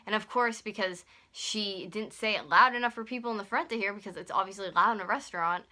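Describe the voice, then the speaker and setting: A young woman in her twenties vlogging at home, telling a story in a fast, heated way full of "like," into a camera on a stand. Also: medium pitch, pushed and bright. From North America. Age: 20s. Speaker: YouTuber. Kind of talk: storytime vlog.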